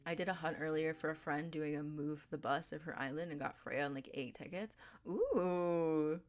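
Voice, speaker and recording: A woman streaming a game and chatting with viewers, given to dramatic mock outrage and quick asides. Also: low-pitched, soft background music. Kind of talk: casual livestream chat.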